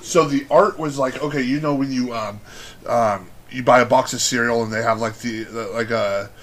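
A man's voice: medium pitch, steady tone, normal speed. A man co-hosting a podcast, chatting casually in a rambling way with lots of fillers and swearing. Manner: rambling, filler-heavy storytelling with profanity. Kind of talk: casual chat.

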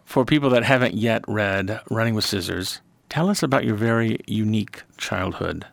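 Low, gravelly male interviewer. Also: normal speed, no echo. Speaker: interviewer, host.

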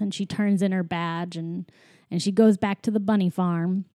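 A woman's voice: medium pitch, fairly even intonation, moderate pace, warm tone, no room sound, studio quality. A woman recapping a movie in a casual chat, full of "like" and "you know", often giggling.

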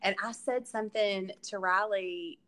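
A woman with a Southern US accent, co-hosting a podcast and telling family stories in an animated, laughing way. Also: medium pitch, measured pace. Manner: animated storyteller, laughs often. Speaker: podcast co-host. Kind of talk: casual chat.

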